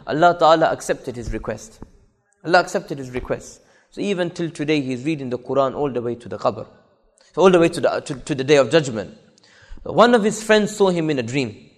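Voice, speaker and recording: A man's voice: on the high side, expressive, moderate pace, long reverb tail. A man preaching a sermon to women, emphatic, repeating his key phrases for weight.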